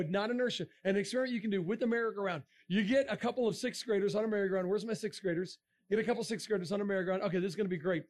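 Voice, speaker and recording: High-voiced man giving an animated comic talk. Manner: animated, jokey, bursts into shouts. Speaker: speaker. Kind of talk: comic science-and-faith talk to a crowd.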